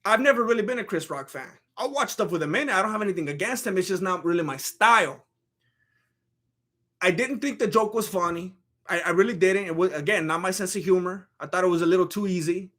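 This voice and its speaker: High, bright-voiced man ranting animatedly. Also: fast talker. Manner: animated, swings between loud outbursts and low mutters; stammers and restarts. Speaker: host. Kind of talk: comedic commentary with a sponsor read.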